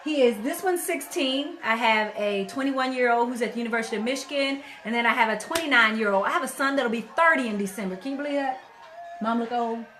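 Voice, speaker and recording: A woman's voice: fairly high pitch, fast talker, fairly bright tone. A woman in her fifties hosting a casual livestream, chatting straight to her viewers as a relationship speaker.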